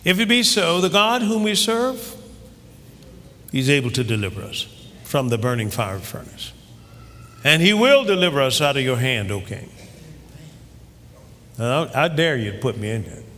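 A man's voice: medium pitch, big pitch swings, normal speed, pauses often, a little hiss or hum. Fervent preacher man, ringing hall. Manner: fervent, building to shouting crescendos. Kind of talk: sermon. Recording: long hall reverb.

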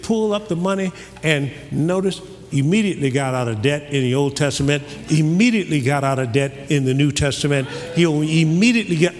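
High-voiced man preaching with shouts. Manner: shouting call-and-response preaching, dropping to low quiet asides. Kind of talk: sermon. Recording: echoey hall with crowd noise. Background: congregation noise.

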